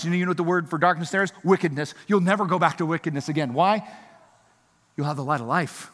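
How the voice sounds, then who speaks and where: A man's voice: on the high side, fast, fairly bright tone, in a large hall. A man pastor preaching a sermon in a church, earnest and emphatic, asking the congregation rhetorical questions.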